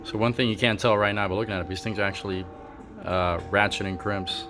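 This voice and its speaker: A man's voice: fairly low pitch, fairly even intonation, fast talker, music in the background. A man talking casually to camera about his car project, offhand and thinking aloud with a few fillers. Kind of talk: casual workshop vlog.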